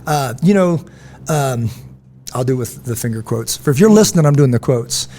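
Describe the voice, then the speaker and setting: At normal speed and medium pitch, a middle-aged podcast host chats casually, telling animated stories and performing quoted voices. A little hiss or hum sits in the background.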